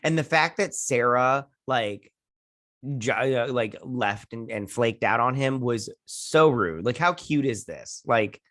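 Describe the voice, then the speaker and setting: Man, casual show recap, rambling, quick acted quotes, mid-pitched voice, dry close sound. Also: animated, a bit bright, dry recording. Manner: rambling, acts out characters' lines in quick quotes; swears casually. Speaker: host.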